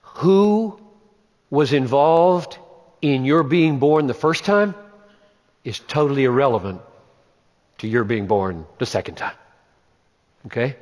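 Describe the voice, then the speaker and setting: Male Bible teacher, average pitch, emphatic, rhetorical questions, hall echo. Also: expressive, takes it slowly, long pauses, darkish tone. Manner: emphatic, repeats key phrases, asks rhetorical questions.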